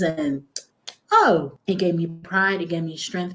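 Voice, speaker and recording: A woman's voice: fairly low pitch, slow. A woman from North Philadelphia with a Philadelphia accent, telling her life story as a guest in a casual interview and acting out the voices of the people in it. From North Philadelphia, USA. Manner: animated, acts out quoted voices, slangy.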